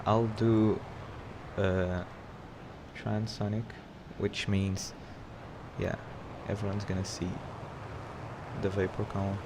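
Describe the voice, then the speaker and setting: A man streaming flight simulator gameplay, excitably commenting on his flying and talking to chat. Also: on the low side, takes it slowly, pauses often, background noise.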